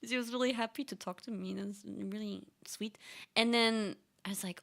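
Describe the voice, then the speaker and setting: A young woman streamer chatting casually and telling stories excitedly, laughing often. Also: medium pitch, normal speed, vocal fry. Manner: excitable storytelling with frequent laughs.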